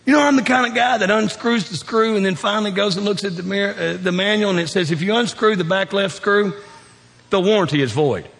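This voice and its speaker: A man with a Southern Kentucky drawl preaching a sermon in a church, folksy and joking, swinging from loud emphatic peaks down to quiet, low appeals. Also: fairly quick, vocal fry. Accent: Southern US, South Central Kentucky. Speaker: pastor. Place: church sanctuary. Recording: long hall reverb.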